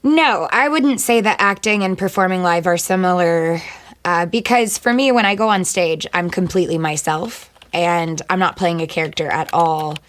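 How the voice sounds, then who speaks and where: A woman, a singer and actor, answering interview questions in a chatty, playful way and firing off quick one-word replies. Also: fairly low pitch, fairly bright tone.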